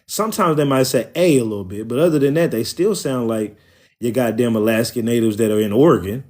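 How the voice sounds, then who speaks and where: A man's voice: mid-range voice, fast talker, a little mellow. Rambling Oklahoma-accented man. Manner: rambling, profane, loose and conversational. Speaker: livestream host. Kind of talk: casual livestream chat.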